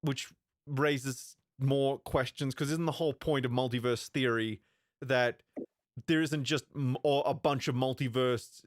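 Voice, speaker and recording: A man's voice: mid-range voice, no echo, clean studio sound. Rambling male reaction host. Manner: rambling, stumbling over words, swears. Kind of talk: casual commentary on a show.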